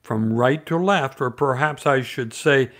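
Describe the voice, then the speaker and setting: A man voicing a gloomy, sarcastic old male donkey in a bedtime storybook reading, slow and dry. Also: mid-range voice, a bit bright, natural voice. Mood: gloomy sarcasm.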